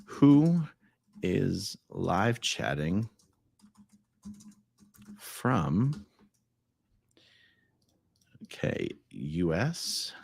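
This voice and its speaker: A man's voice: low-pitched, big pitch swings, drawn-out words, gravelly, long pauses, a little mellow, slightly rough. A man hosting a casual live stream, rambling and self-correcting as he reads viewer comments, often laughing.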